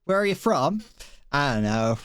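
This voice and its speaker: Sitting near his desk microphone during a live gaming stream, a young Brit rambles casually, self-deprecating and chuckling a lot. His voice runs on the high side with big swings in pitch at a normal speed. It sounds a bit bright, clear, and resonant.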